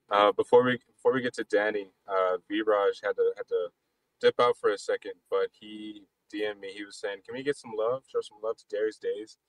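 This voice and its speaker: A man hosting a casual live basketball chat, talking fast and loosely with frequent restarts. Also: on the low side, no room sound, low-quality recording. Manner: rapid, loose talk with many restarts. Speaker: podcast host.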